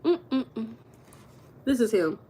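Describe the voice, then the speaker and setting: A woman's voice: fairly high pitch, big pitch swings, extremely slow, dark tone, husky. A woman hosting a live stream, chatting casually with her viewers and laughing often. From United States. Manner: chatty, talks to chat viewers, calls them baby and girl; laughs often while talking.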